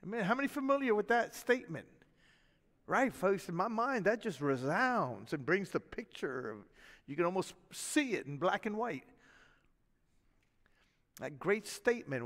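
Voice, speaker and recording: Man, pastor, sermon, high voice, folksy chatty asides, reverberant church hall. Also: moderate pace, long pauses. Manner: folksy, animated preaching with chuckles and asides. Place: church sanctuary.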